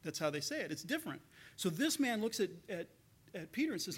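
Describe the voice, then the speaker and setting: A male pastor with a fairly high voice preaches a sermon, retelling a story in earnest, spoken tones. He often repeats a word or two as he goes, talking it through with his congregation. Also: big pitch swings, quick pace, fairly bright tone, breathy edge.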